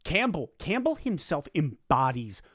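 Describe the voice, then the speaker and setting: A man's voice: on the high side, sing-song, a little slow, no echo. A man co-hosting a casual sports podcast, telling stories with enthusiasm and acting out quotes. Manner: enthusiastic storyteller, quotes people in voices, laughs often. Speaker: podcast co-host.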